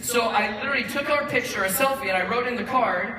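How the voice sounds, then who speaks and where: A man giving an animated acceptance speech in a large hall, telling a story and acting out both sides of the conversation. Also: very high-pitched, fast, a crowd in the background. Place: large event hall with audience. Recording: roomy hall sound from a distant mic, faint noise.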